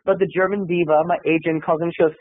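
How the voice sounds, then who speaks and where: A man's voice: on the high side, level tone, fast, dry recording. A man telling a comedy story in an over-the-top, dramatic way, addressing his viewers. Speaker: comedy video blogger. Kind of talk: comic storytelling monologue. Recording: tinny, phone-like, dry sound.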